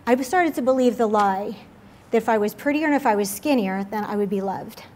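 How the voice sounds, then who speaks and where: Young woman, slightly high voice, earnest confessional testimony delivered as a sermon. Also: brisk, a little mellow, slight background noise. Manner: earnest and confessional, many fillers like "like". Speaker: speaker at a church midweek service.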